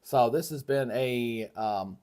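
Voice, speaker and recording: A man's voice: mid-range voice, takes it slowly, a little mellow. A man hosting a live weather stream from his home setup, talking casually with lots of fillers and restarts. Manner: rambling, folksy, many fillers and restarts. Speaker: livestream weather host. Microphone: switches between microphones, moves away from them.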